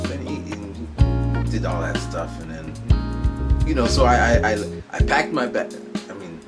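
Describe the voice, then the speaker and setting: Lively low-voiced man telling his story. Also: measured pace, over loud music. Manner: animated, acts out voices of others. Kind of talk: casual storytelling.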